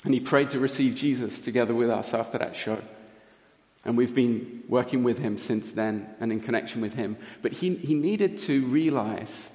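A man gives a sermon, telling his story with earnest, lively energy. His voice sits at an ordinary middle pitch. It rings through a large, echoing hall on a dull, lo-fi recording. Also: moderate pace. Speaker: preacher. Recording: roomy hall reverb, dull lo-fi sound.

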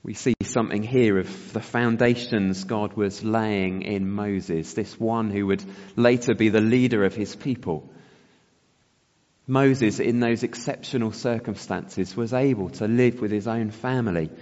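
A man's voice: fairly low pitch, measured pace, darkish tone. A man preaching a sermon, reflective and often asking his listeners rhetorical questions. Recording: long hall reverb, dull sound.

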